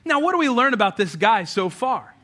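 A man's voice: extremely high pitch, big pitch swings, brisk, pushed and bright. A man preaching a conversational sermon as pastor, animating the story with acted quotes.

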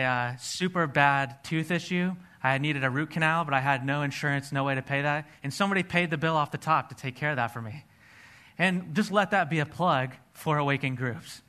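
A man's voice: on the high side, pushed and bright, clear, resonant tone. A man preaching a sermon, telling a personal testimony in an earnest storytelling way. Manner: earnest storytelling, acts out his own past dialogue.

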